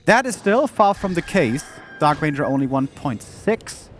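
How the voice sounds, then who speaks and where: A man commentating a live strategy game match, calmly explaining play and tactics. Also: a little high, a little slow, slight background noise. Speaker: esports commentator. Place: event studio.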